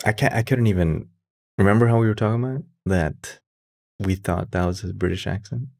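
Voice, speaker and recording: A man's voice: fairly low pitch, brisk, creaky, a little mellow. A man co-hosting a podcast in casual, laid-back chat. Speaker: podcast co-host.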